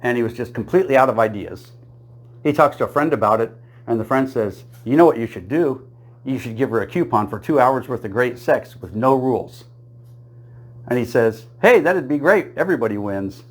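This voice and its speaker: A man's voice: mid-range voice, fairly quick. A man telling a string of jokes in a plain storytelling voice, chuckling at his own punchlines and switching briefly into small character voices for the quoted lines. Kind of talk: joke-telling monologue.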